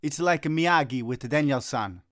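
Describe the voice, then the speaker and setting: A man's voice: fairly high pitch, unhurried, fairly bright tone, no room sound. Brief: middle-aged male coach, brooding and theatrical, dry close sound. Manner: gloomy, melodramatic rants that flare into agitated Italian cursing. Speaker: youth soccer coach. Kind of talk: comedic sketch dialogue.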